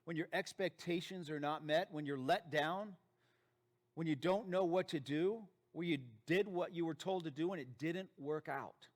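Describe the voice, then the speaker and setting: A man's voice: fairly high pitch, normal speed. A man who is a dentist and practice founder giving an emphatic motivational presentation, repeating key phrases for effect.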